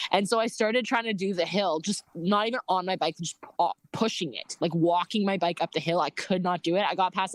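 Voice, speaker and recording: A young woman casually telling a story about her bike trip, animated, laughing often and filling her talk with "like". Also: on the low side, no echo.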